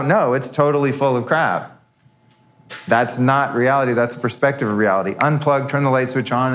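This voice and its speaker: A man's voice: medium pitch, slight background noise. A middle-aged man hosting a live show, telling a story candidly and acting out the voices he quotes. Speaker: podcast host. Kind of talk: live talk to an audience.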